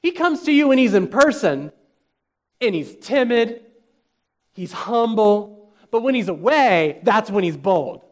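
High-voiced man preaching a sermon. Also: big pitch swings, a little slow. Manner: emphatic, rhetorical questions to the congregation. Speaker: pastor.

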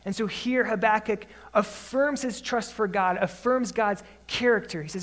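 A man delivers an expository sermon. He reads scripture at a slow, measured pace, then shifts into conversational explanation. His emphasis rises earnestly on key points. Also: high voice, a bit bright. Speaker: Bible teacher.

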